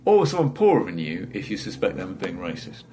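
Low-voiced comedian, rambling. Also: male voice, huge pitch swings, a little fast, warm tone, a little hiss or hum. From England. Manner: rambling, self-interrupting, laughs through his stories. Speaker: stand-up comedian. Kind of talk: casual chat.

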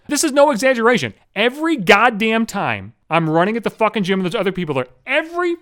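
A man's voice: high-pitched, sing-song, quick pace, hardly any pauses, a bit bright. A man hosting his own podcast, ranting alone, agitated and swearing constantly. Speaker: podcast host. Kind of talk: solo podcast rant.

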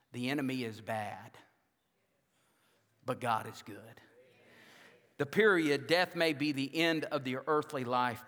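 A male pastor preaching a sermon in a church, rousing the congregation, then dropping to a hushed, intimate tone. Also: medium pitch, big-room sound. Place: church sanctuary.

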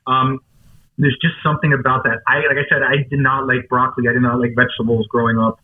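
A man in his thirties in casual chat, talking earnestly with halting restarts. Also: medium pitch, little pitch movement. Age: 30s. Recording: tinny phone-like line.

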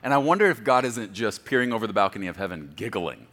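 A man in his forties preaches with a lively voice that leaps up and drops low. He tells stories with laughter and pokes fun at himself. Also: quick pace, in a large hall. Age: 40s. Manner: animated storytelling preacher, laughing and self-deprecating. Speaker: pastor. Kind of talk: sermon.

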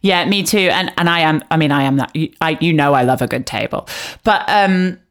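A low-voiced woman co-hosts a podcast, speaking briskly as she recaps a reality show. Her chat is casual and blunt, and she swears freely while gossiping about it.

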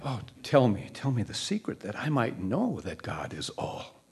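A man's voice: medium pitch, very animated, moderate pace, gravelly, husky, pitched above the performer's own voice, exaggerated voice. A man doing an eager, pleading seeker. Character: eager young male spiritual seeker, out of breath.

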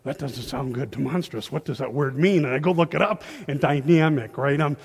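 A man delivers a loose, animated sermon, slipping into voices as he quotes people. His voice sits a bit high for a man. He speaks into a handheld mic, and long reverb from the hall trails behind him. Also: a little fast, creaky, husky. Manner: animated, folksy, acts out quotes. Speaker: lay preacher. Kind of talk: informal sermon. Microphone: handheld microphone.

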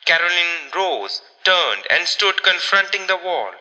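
A man narrating a ghost story in a measured, expressive audiobook reading. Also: sits high, big-room sound, low-quality recording.

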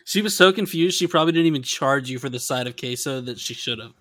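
A man hosting a casual podcast, talking in a deadpan, sarcastic way. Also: medium pitch, quick pace, no room sound, studio quality. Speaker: podcast host. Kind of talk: casual chat.

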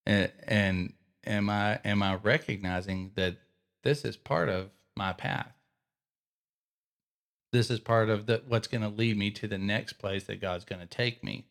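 A man with a Texan accent, co-hosting a casual faith podcast and retelling a movie scene with animated storytelling. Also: lowish voice, unhurried, vocal fry. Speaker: podcast co-host.

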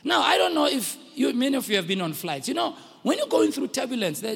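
Preacher guy, really high husky voice, goes quiet then shouts, big echoey church hall. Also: very animated, quick pace. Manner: swings from hushed storytelling to loud exhortation. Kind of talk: sermon. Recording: long hall reverb.

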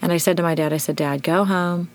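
A middle-aged woman hosting a podcast, telling a personal story in an emotional, animated way. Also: lowish voice, fast talker. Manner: emotional, animated retelling with shouted quotes. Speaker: podcast host.

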